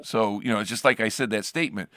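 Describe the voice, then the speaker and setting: Bright-voiced male radio pastor. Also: lowish voice, fast, no room sound, studio quality. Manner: rambling, restarts sentences often. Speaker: radio show host, pastor. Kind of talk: casual radio chat.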